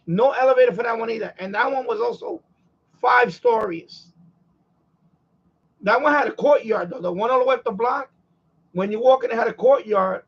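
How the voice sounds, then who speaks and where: A man's voice: extremely high pitch, sing-song, moderate pace, creaky, pauses often, husky, lo-fi sound. A man with a New York accent chatting casually and repetitively on his radio hobby live stream. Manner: repetitive, conversational, chuckles often. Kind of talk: casual rambling chat.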